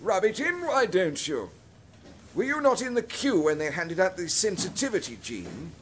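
A man's voice: high-pitched, sing-song, normal speed, a bit bright, a little hiss or hum. A man playing a blustering polar captain. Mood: indignant. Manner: indignant, stiff-upper-lip bluster. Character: pompous, huffy British polar expedition captain. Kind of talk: comic historical sketch.

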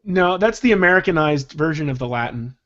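A man's voice: on the high side, animated, fairly quick, a bit bright. A man on a podcast, explaining things in a precise, lecturing way, in a dull, muffled recording. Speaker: podcast guest.

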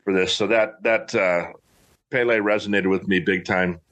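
A middle-aged man with a fairly low voice chats in a loose, folksy way. He rambles and restarts his sentences often. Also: fairly even intonation, normal speed, a bit bright. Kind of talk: casual chat.

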